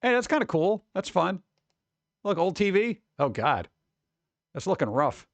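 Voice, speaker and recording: New guy streaming, reads chat aloud, quick to exclaim, very expressive pitch. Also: creaky, no room sound. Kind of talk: casual live-stream chat.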